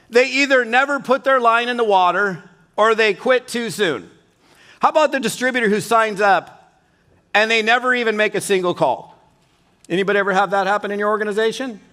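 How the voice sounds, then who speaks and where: A middle-aged man giving a motivational keynote, telling folksy stories in an animated way and acting out the people he quotes. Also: high voice. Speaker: keynote speaker. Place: conference stage.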